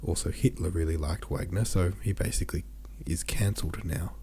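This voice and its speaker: Husky low-voiced congested podcast host. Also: male voice, fairly even intonation, a little fast, mellow. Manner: chatty, rambling asides. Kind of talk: casual chat.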